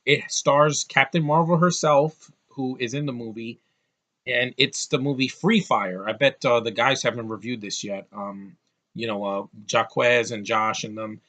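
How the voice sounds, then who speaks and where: A man talking straight to camera in a loose, rambling movie-review vlog. His voice is bright and forward, and he swears freely and gets heated. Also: medium pitch, measured pace. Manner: rambling, profane, fired-up.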